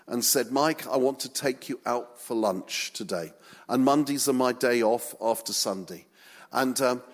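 Self-mocking preacher in an echoey hall. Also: male voice, medium pitch. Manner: storytelling, self-mocking, building to emphatic exhortation. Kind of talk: humorous sermon.

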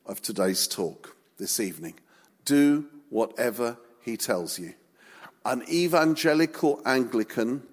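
Male preacher, slow and humorous, recorded in a hall with long reverb. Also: mid-range voice. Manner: humorous, animated storytelling. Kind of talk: sermon.

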